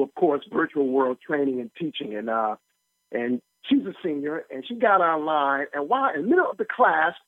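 A man, a pastor, preaching in a lively informal way, joking and asking the listeners questions. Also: fairly high pitch. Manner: animated, joking, asks the listeners rhetorical questions. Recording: tinny phone-line audio, dry.

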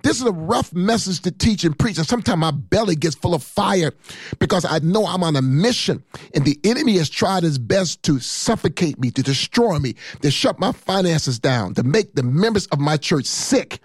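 A man's voice: on the high side, expressive, moderate pace, slightly rough, no echo, clean studio sound. A man in his fifties, a pastor, preaching with fiery emphasis and rhythmic repetition. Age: 50s. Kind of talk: sermon.

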